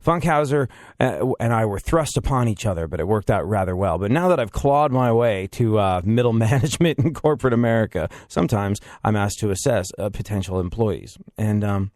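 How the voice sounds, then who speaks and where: An English podcast host with a lowish, darkish voice talks a little fast with lively intonation. His casual chat is wry, rambling, and self-deprecating, in a dry, clean studio recording.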